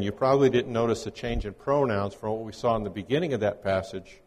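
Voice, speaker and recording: A man's voice: on the low side, fast talker, darkish tone. Man preaching in a reverberant church. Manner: conversational, folksy teaching with scripture readings. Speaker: guest preacher. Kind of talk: sermon.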